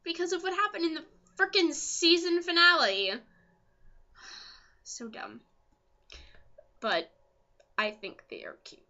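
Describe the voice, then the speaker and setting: A young woman vlogger chatting casually as an excitable fan, full of ums and asides. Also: very high-pitched, slow, pauses often, lo-fi sound. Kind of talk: casual chat.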